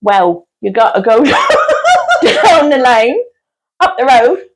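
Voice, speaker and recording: A woman's voice: sits high, huge pitch swings, takes it slowly, heavy background noise, exaggerated voice. A woman playing a nosy, folksy rural local who drawls and slides between while giving winding directions. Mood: drawling teasing. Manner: drawling, slipping between accents.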